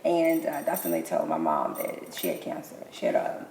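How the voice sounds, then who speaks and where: A woman, a guest on a talk show, telling her own story in an animated way, repeating herself and laughing between words. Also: very deep voice, moderate pace, creaky. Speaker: guest, cancer survivor. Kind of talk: emotional personal storytelling. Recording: echoey room with long reverb, faint noise.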